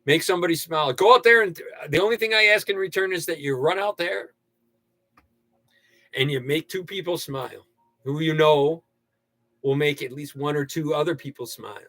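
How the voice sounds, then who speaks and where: An older man hosting a casual livestream, ranting and joking with sudden loud outbursts. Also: on the high side, normal speed, dry recording. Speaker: livestream host. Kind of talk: casual livestream rant and sign-off.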